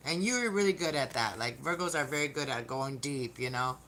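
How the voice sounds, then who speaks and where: A woman's voice: rumbling low, expressive, brisk, a bit bright, slight background noise. A woman giving a casual live-streamed tarot reading, chatting to viewers and often restarting her sentences. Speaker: tarot reader.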